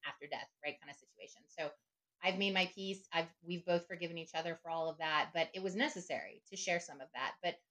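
A woman's voice: lowish voice, quick pace, fairly bright tone. A middle-aged woman speaking as a podcast guest, reflective and conversational, often checking in with "right?" and "you know". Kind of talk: conversational interview.

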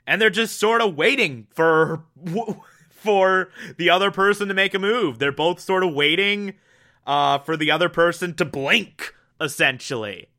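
Bright-voiced, enthusiastic young man. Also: fairly high pitch. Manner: enthusiastic, rambling, heavy on fillers and mild swearing. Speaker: TV episode reviewer. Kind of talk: casual spoken review.

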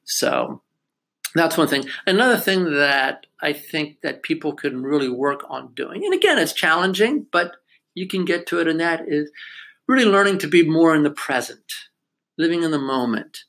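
A man's voice: fairly high pitch, very animated, moderate pace, vocal fry, fairly bright tone. An older man in casual chat, telling a family story in a reflective way and laughing now and then.

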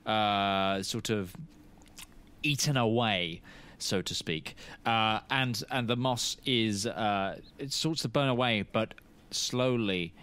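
Man, game master, tabletop narration, halting delivery, many fillers. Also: medium pitch, fairly bright tone, smooth.

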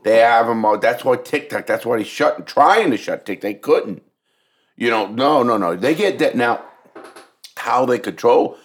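A podcast co-host talking politics in casual chat, blunt and swearing a lot. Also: male voice, medium pitch, moderate pace. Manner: blunt, heavy swearing, animated.

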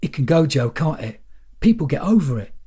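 A man's voice: on the high side, very animated, brisk, warm tone, husky. A man voicing a chatty, hopeful friend with a casual, coaxing manner in an audiobook. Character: cheerful hopeful British man, the narrator's friend.

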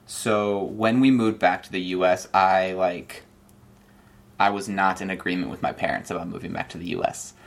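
Young male interview guest, low voice, lively storyteller who acts out quotes. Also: normal speed, creaky. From Nigeria and Ohio. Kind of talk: casual interview.

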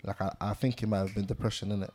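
Laid-back young man, lowish voice. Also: little pitch movement, racing, a little mellow. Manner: laid-back slang-heavy storytelling. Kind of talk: casual group chat.

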